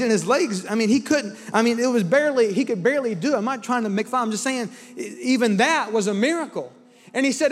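A man's voice: extremely high pitch, fast. A man preaching as a pastor, telling a story and leading an altar call, impassioned and at times almost singing his words. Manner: impassioned, rising to near-singing fervor. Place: large church hall with congregation. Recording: long hall reverb with soft music and crowd.

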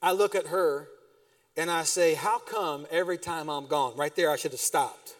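High-voiced pastor preaching in a church hall. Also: male voice, normal speed. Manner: animated storytelling with sudden loud bursts and drops. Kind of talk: sermon. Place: church sanctuary. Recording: distant mic in a reverberant church hall.

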